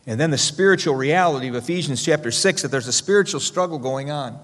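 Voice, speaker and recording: A man's voice: fairly high pitch, expressive, fairly quick, hardly any pauses. Preaching man in a reverberant hall. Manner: dynamic preaching, swinging from loud emphasis to hushed quotes. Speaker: pastor. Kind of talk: sermon. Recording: long reverb of a church hall.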